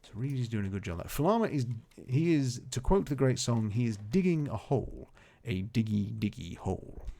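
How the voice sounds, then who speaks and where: Male streamer, low gravelly voice, lively pitch, rambling chatty play-by-play, faint music bed. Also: a little fast, hardly any pauses. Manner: chatty, rambling, talks to his game characters. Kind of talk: casual live gameplay commentary.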